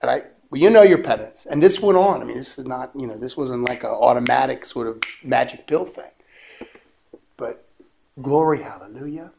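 A man, a priest, preaching by telling a story in a chatty, animated way with bursts of laughter. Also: medium pitch, normal speed, gravelly. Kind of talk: storytelling sermon. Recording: echoey room with faint noise.

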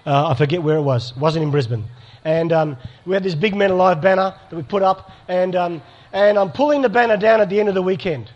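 A middle-aged man with a high-pitched, slightly mellow voice speaks a little fast, recorded with lo-fi sound. He gives an earnest sermon to a live audience, telling stories and acting out dialogue.

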